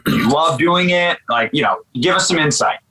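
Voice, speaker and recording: A man's voice: fairly high pitch, animated, normal speed, sharp tone, slight background noise, poor audio. A man hosting a casual interview, asking loose questions full of fillers and curse words. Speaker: interview host.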